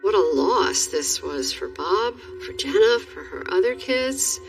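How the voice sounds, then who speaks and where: A woman's voice: medium pitch, animated, unhurried, far from the mic, soft background music, poor audio. A woman interviewed about a friend, speaking thoughtfully in a reflective interview.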